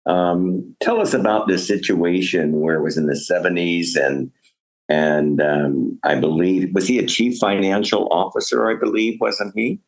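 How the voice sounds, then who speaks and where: A male podcast host with a very low voice. He asks his questions gently and encourages his guest. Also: fairly even intonation, a little slow. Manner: encouraging, supportive interviewer. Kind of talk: interview.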